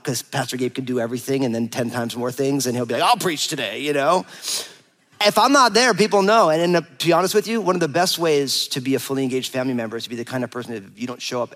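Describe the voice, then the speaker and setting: A man in his forties, a pastor preaching a sermon, telling a personal story with humor and acting out the dialogue. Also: medium pitch. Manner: animated, playful, acts out quoted dialogue.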